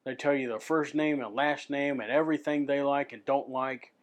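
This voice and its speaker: A man's voice: medium pitch, steady tone, moderate pace. A man ranting to his camera in an unscripted vlog, swearing freely and stumbling over repeated words as he restarts his sentences. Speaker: vlogger.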